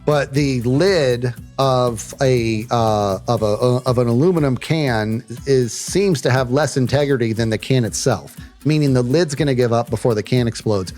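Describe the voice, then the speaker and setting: A man telling a story on a livestream in a casual, animated way, often saying "dude" and acting out what people said. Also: medium pitch, moderate pace, hardly any pauses, soft background music. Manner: animated, says "dude" and "bro" often, acts out quotes.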